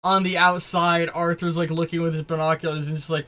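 A man's voice: on the high side, monotone, brisk, bright, forceful tone. A man narrating as game master in a tabletop game, rambling with frequent fillers and restarts.

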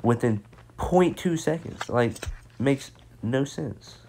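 A man giving casual, excitable gameplay commentary, full of slang and self-mocking trash talk, with game gunfire behind him. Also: medium pitch, slow, creaky, slight background noise. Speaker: gameplay streamer. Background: game gunfire and explosions.

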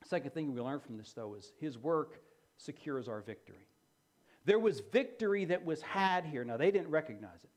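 Man, pastor, sermon, high voice, lively swooping delivery, emphatic repetition. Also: normal speed. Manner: emphatic, repeats key phrases for effect.

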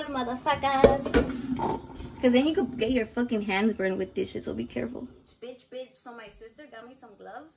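A woman's voice: fairly high pitch, heavy background noise. A brash woman chatting in a casual cooking vlog from her home kitchen, swearing constantly and mixing in Spanish words. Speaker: home cook vlogger.

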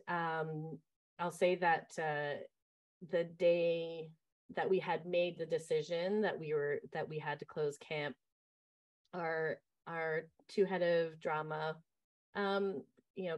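Casting note: camp director, woman, fairly low voice, chatty and animated, telling camp stories with lots of ums. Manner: lively, acts out quoted voices, many fillers. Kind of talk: casual interview storytelling.

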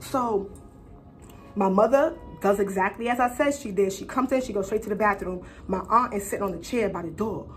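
A young woman vlogger telling a personal story in a casual, animated, profane and slangy way. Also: mid-range voice, brisk, faint music behind.

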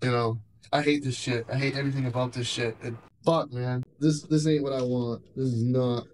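A man's voice: medium pitch, steady tone, moderate pace, a little mellow, slight background noise, rough recording. A young male soldier telling combat stories in casual, profane, rambling talk, recorded on a handheld camcorder at a base in Iraq. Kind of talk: casual war story.

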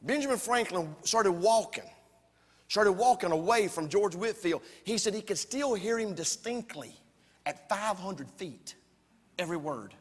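A man, preaching a fiery sermon loudly, with folksy humor and shouts. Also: high voice, expressive, a little slow, long reverb tail. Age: 40s. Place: church sanctuary.

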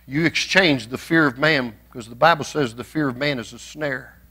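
A man preaching a church sermon, swinging from folksy storytelling to passionate shouting. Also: mid-range voice, normal speed, breathy edge. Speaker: pastor.

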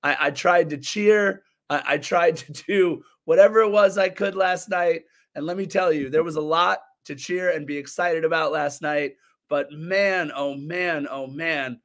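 A hoarse man with a voice worn out from cheering, co-hosting a soccer fan podcast. His pitch runs slightly high for a man, and his stories ramble along with animated restarts. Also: a little slow. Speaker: podcast co-host. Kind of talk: casual sports podcast chat.

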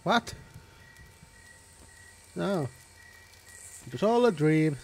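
A man's voice: a little high, expressive, very slow, vocal fry. A man doing casual let's-play commentary, sarcastic and swearing as he laughs at the game. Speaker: gameplay commentator.

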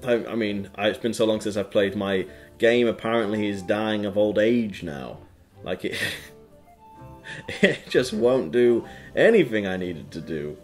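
A gaming channel host chats his way through a card game, reading card text aloud and tossing in goofy sound effects. His voice sits fairly low for a man, yet his intonation is lively. He talks at an unhurried pace over faint background music. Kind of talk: casual game commentary.

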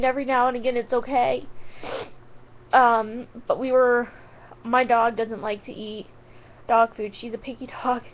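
Tearful woman vlogger on the verge of crying, higher voice with gravelly fry, halting ums, dull lo-fi sound. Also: slight background noise. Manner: halting, full of ums and restarts. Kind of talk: emotional direct-to-camera vlog.

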